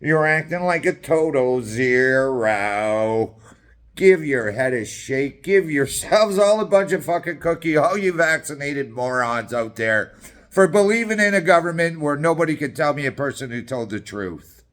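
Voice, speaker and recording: A man's voice: on the high side, lively intonation, normal speed. A middle-aged man from Canada, ranting in an angry, combative and sarcastic way as a political activist, swearing often.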